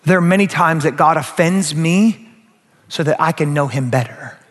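Animated pastor preaching in an echoing hall. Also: male voice, a little high, moderate pace. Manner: animated, acts out quoted voices, addresses the crowd directly. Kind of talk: sermon. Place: church sanctuary. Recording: long reverb of a large hall.

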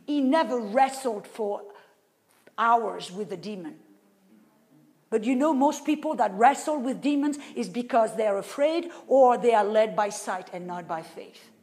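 A woman preacher delivering a sermon, asking the audience rhetorical questions and swinging between loud and very soft. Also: on the high side, expressive, unhurried.

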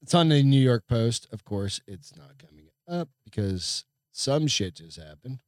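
Casting note: man of middle pitch, podcast co-host, profane and joking, reads news aloud, dry close sound. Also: sing-song, unhurried, darkish tone, no echo. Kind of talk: casual chat, reading news aloud.

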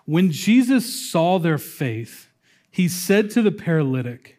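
Man, high voice, casual sermon delivery, slow dramatic pauses. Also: very animated, darkish tone. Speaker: pastor.

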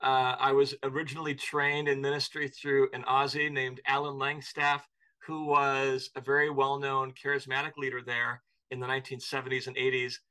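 Lively joking man, bright tense voice. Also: mid-range voice, moderate pace, clear, resonant tone. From United States. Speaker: podcast guest, minister. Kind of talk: casual conversation.

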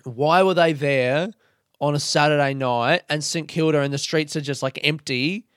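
Young male comic, rambling storyteller, crisp and resonant, no room sound. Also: fairly high pitch, moderate pace, a bit bright, no room sound, clean studio sound. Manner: rambling, laid-back, swears casually. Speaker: comedian. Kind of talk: casual storytelling monologue.

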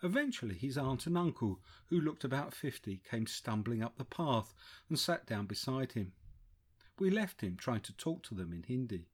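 A man narrating a first-person travel memoir in a measured, descriptive way. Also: mid-range voice, sing-song, husky. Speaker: audiobook narrator.

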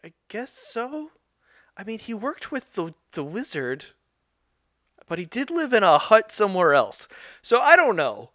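A man's voice: high-pitched, huge pitch swings, measured pace, a bit bright, dry recording, studio quality. A man co-hosting a podcast, recapping a show in casual chat, rambling and laughing often.

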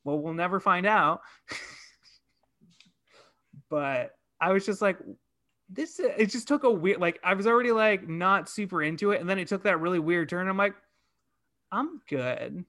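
A man chatting casually about a film, animated, swearing and acting out his own reactions. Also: high voice, moderate pace.

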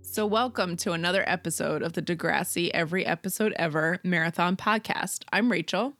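A woman's voice: on the low side, a little fast, a bit bright, dry recording, soft background music. A woman hosting a podcast, chatting casually and teasing her co-host with frequent giggles. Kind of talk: casual comedic chat.

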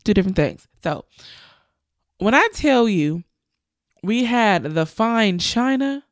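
A woman's voice: medium pitch, animated, takes it slowly, dry recording, studio quality. A young woman, a bride-to-be, chatting to her viewers in an emotional, gushing storytelling style. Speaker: bride-to-be vlogger.

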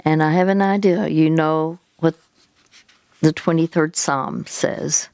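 A woman hosting a Christian call-in counseling show, gently coaching a caller and guiding her through slow deep breaths, with many halting restarts. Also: fairly even intonation, no room sound. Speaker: radio counseling host.

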